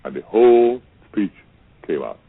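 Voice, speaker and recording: Older man, from Trinidad, very deep voice, husky, theatrical storyteller, tinny dry line. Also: very animated, unhurried, no echo. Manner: theatrical, repeats words and acts out quotes. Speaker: interview guest. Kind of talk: storytelling conversation.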